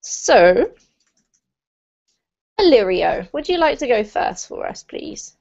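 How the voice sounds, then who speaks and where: A woman's voice: on the high side, sing-song, slow pace, gravelly, a little mellow. A woman teaching English pronunciation in a live online class, explaining patiently and laughing often. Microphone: computer mic on a video call. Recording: dull lo-fi video call audio.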